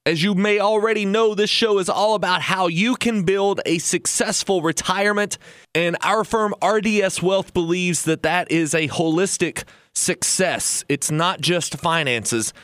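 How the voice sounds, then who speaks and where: A man hosting a retirement podcast, talking earnestly and telling a folksy story, slowing down for emphasis. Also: high-pitched, fairly bright tone, dry recording, clean studio sound. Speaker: host and financial planner.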